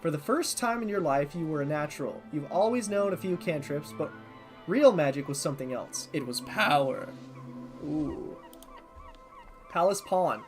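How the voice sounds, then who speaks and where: A streamer in a casual first playthrough who reads each option aloud, then muses on it in an easy, mid-pitched voice. They pause to puzzle over words they aren't sure how to say. Soft game music runs quietly behind. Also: lively intonation. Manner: stumbles over unfamiliar words. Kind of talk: casual let's-play commentary.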